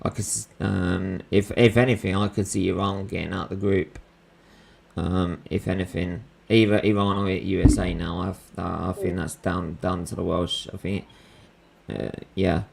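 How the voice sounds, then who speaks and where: Gravelly low-voiced man. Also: level tone, normal speed, a little hiss or hum. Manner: rambling, lots of fillers and slang. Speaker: host of a live football watchalong stream. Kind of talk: casual live-stream chat.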